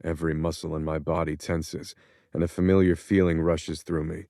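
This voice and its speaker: A man with a very deep, low voice narrates a first-person audiobook in a measured, introspective way. He is recorded close up on a studio mic, and the sound is dry, with no room around it. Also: little pitch movement, warm tone, dry recording.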